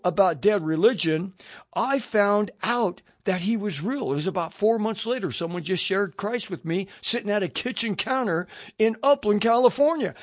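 Older male radio preacher, high voice, lively storyteller who plays every part, dry close sound. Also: no echo. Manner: animated storytelling, acting out both sides of dialogues. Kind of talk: personal testimony to radio listeners.

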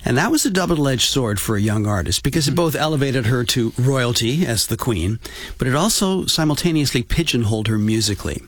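A man co-hosts a music talk show and reads a scripted introduction. His mid-range voice moves at a steady, measured pace. The recording is close and dry. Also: mid-range voice, no room sound. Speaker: podcast co-host. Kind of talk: scripted segment setup and casual chat.

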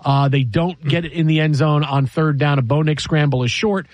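Male radio host, high voice, animated sports chat, dry booth sound. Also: no room sound. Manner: animated, jokey, quick restarts.

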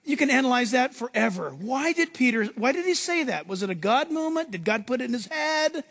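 A man preaching a sermon as pastor, animated, acting out quoted voices. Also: very high-pitched, brisk, hardly any pauses, in a large hall.

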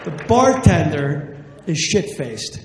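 A man's voice: a little high, sing-song, takes it slowly, a crowd in the background, noisy background. A brash, profane male stand-up comedian from New Jersey telling a story. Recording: echoey live hall.

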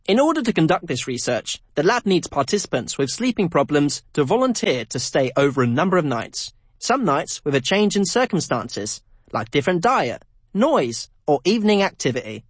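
A man's voice: a little high, sing-song, moderate pace, husky, no echo. A man narrating a documentary in a scripted, personal way. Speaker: documentary presenter.

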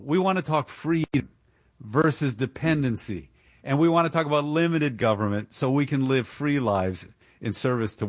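A man's voice: medium pitch, dry recording. Indignant male talk radio host, dry sound. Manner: indignant, emphatic, with chuckles. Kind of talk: opinionated political commentary.

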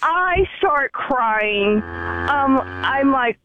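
A woman's voice: a little high, lively intonation, slow, noisy background. A woman calling in to tell a story, in a chatty way that repeats herself. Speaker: caller. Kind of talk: casual phone-in storytelling. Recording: dull muffled phone line.

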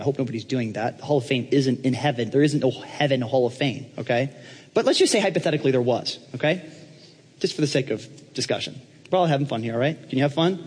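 A man's voice: mid-range voice, breathy edge. A man preaching a humorous sermon in a church, talking conversationally and checking in with the congregation. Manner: joking, conversational, checks in with the audience. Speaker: pastor. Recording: reverberant church hall.

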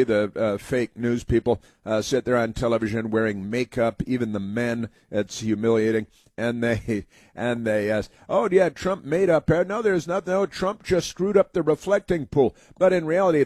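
A man holds forth as a talk-show host, stumbling through his points with constant fillers and false starts. His tone is sneering and sarcastic, his pitch sits in an ordinary middle register, and the sound is dry and close, with no room around it. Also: a little mellow, dry recording. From United States. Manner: rambling, halting, heavy with fillers. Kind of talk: political opinion monologue.

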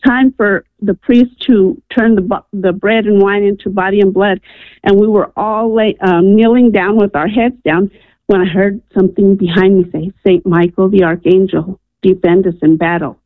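A woman from New Mexico calls in to a radio show and tells a personal story in an earnest, animated way, acting out the voices in it. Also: mid-range voice, normal speed, no room sound. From New Mexico, USA. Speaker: caller. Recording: tinny phone line.

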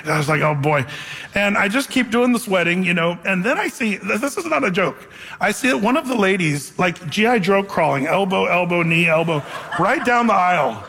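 A middle-aged male pastor preaching a sermon, a lively, joking storyteller. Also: sits high, a little fast, creaky, slight background noise. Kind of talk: sermon with a humorous personal story. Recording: long reverb of a large hall.

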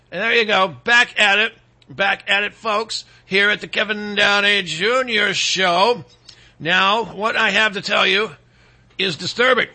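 A man's voice: high-pitched, unhurried, creaky, sharp tone. A man hosting his own show, ranting in a rambling comic style full of restarts and asides to the audience. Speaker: show host. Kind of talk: rambling comedic conspiracy rant.

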